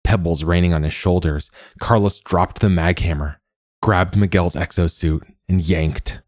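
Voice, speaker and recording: A man narrating a story in a measured, steady way, like a scripted audiobook. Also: low voice, no room sound, studio quality.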